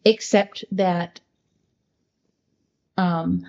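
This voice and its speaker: A woman's voice: fairly low pitch, steady tone, very slow, creaky, a little mellow, highs cut off. A woman co-hosting a podcast in casual chat, talking in an earnest, heartfelt way with many fillers. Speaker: podcast co-host.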